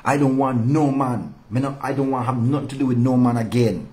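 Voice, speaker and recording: A man's voice: brisk, a little mellow, lightly acted. A male preacher voicing a bitter woman who swears off all men, in a mocking, put-on female voice. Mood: indignant. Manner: indignant, mocking falsetto.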